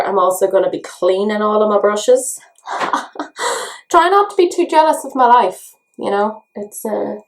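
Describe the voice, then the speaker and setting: An Irish woman chatting through a makeup tutorial in a chatty, self-mocking way. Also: mid-range voice. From Ireland. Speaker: beauty vlogger. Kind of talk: casual makeup tutorial chat.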